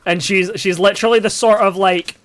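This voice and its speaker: A man's voice: sits high, fairly even intonation, brisk, a bit bright. A young man from the UK chatting casually and rambling, with lots of fillers and swearing, while streaming a game. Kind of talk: casual storytelling while gaming.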